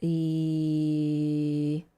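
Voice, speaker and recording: A young woman streamer chatting casually and playfully. She mocks herself, breaks into loud laughter, and sometimes drops to a low, calm natural voice. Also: extremely slow, clear, resonant tone. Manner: playful, self-mocking, bursts of loud laughter. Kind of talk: casual live-stream chat.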